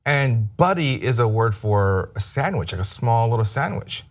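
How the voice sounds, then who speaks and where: A man's voice: mid-range voice, normal speed. A middle-aged American man telling self-mocking stories in a casual chat. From United States. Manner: animated storyteller, self-mocking.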